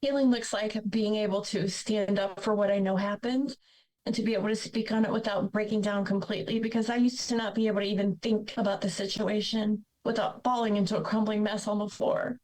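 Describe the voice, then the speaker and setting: A woman's voice: medium pitch, steady tone, a little fast, darkish tone, rough recording. A young adult woman from Ohio, a podcast guest earnestly telling her personal story and acting out the dialogue she quotes. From Ohio, USA.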